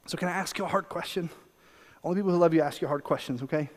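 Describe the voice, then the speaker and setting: High-voiced animated male pastor preaching. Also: very fast, big-room sound. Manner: animated, acts out voices in quotes, repeats words when excited. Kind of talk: sermon. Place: church sanctuary.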